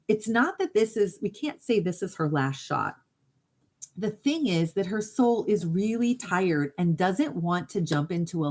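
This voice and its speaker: A woman with a low, deep voice hosts a casual livestream as a hypnotherapist. She speaks earnestly and straight to her viewers, with easy laughs between thoughts. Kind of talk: casual live talk.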